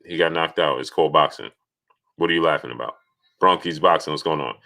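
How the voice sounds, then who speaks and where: Deep-voiced man hosting a chatty live stream. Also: fast, gravelly. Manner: reads out viewer names and greets each one; grows loud and insistent when arguing. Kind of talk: casual live stream chat.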